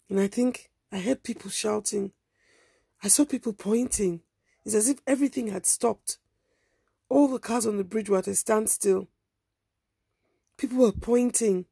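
A woman narrating a first-person story in a quiet, subdued, measured way. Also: medium pitch, gravelly, husky, no echo, clean studio sound.

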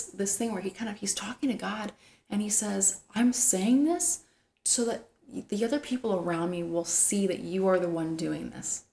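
A woman giving a devotional Bible teaching, earnest and tender, sometimes dropping to a soft whisper for emphasis. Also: medium pitch, gravelly, echoey room.

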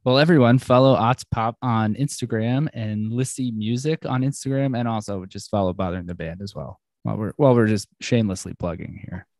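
A man's voice: lowish voice, fairly quick, hardly any pauses, darkish tone, dry recording, studio quality. Playful podcast host, man. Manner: jokey, playful. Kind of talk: casual podcast chat.

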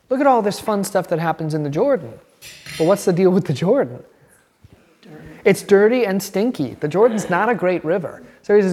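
A man teaching a bible class, animated and chatty, quizzing the class and laughing as he reads aloud. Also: high-pitched, fairly quick, breathy edge, in a large hall. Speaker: catechism teacher.

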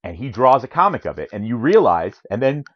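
Animated rambling man recapping a comic. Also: medium pitch, brisk. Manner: rambling, animated storytelling with fillers. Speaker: podcast co-host. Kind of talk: casual chat recapping a comic. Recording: dull lo-fi recording.

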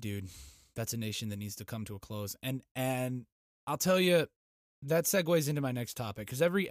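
A young man hosting a podcast, ranting in a profane, mocking way that swings from loud outbursts to low muttering. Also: dry recording, clean studio sound. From United States. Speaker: podcast host. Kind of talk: profane comedic rant.

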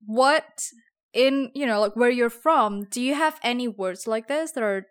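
Woman, podcast co-host, curious, asks questions, higher voice, slow unhurried pace. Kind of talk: casual chat.

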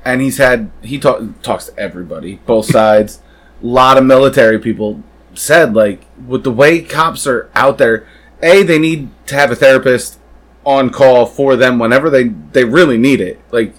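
Podcast cohost dude, mid voice, trips over words a bit. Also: male voice, medium pitch, rough recording. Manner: halting, stumbles over words. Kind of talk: casual podcast chat.

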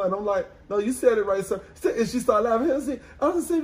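A man's voice: sits high, animated, fast talker, hardly any pauses. A young man with a congested, nasal-sounding voice, chatting on a podcast and telling stories with lots of restarts. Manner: storytelling with many restarts, acting out callers. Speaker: podcast co-host. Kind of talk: casual chat.

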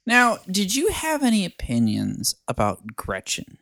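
A man's voice: sits high, huge pitch swings, a little slow, creaky, a bit bright, no echo, clean studio sound. A man co-hosting a podcast, rambling in casual chat with many fillers. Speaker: podcast co-host.

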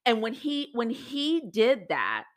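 A woman's voice: on the high side, wildly swooping pitch, slow. A woman in her thirties hosting a podcast, telling a candid personal story in a chatty, filler-heavy way and swearing casually. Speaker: podcast host.

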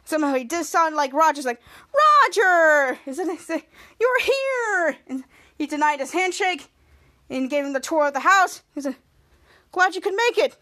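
A young woman casually recapping a TV episode as a podcast host, acting out the characters' lines with sudden loud, shrill bursts. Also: moderate pace.

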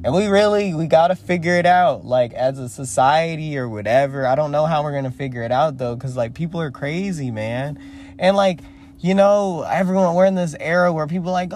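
A man's voice: a little high, a little fast, a little mellow. A young man hosting a casual solo podcast, speaking in a loose, profane, slangy way that trails off and restarts. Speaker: podcast host.

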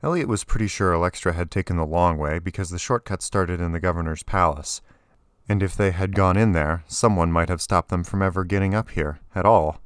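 Deep-voiced man narrating a story. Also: fairly quick, smooth, no room sound, clean studio sound. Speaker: audiobook narrator. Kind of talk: scripted narration.

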